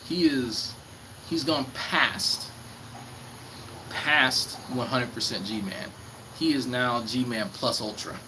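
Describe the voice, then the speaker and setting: A man's voice: medium pitch, takes it slowly, pauses often. A man on a casual livestream, reading chat comments aloud and taunting a rival in a mocking, profane way. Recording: clear background noise with crickets.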